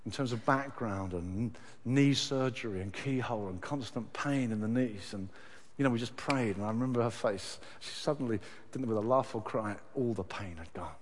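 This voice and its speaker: A man preaching a sermon with passion, moving from hushed, slow passages to loud, high cries. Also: a little hiss or hum. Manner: impassioned, swings from hushed to shouting. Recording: long hall reverb.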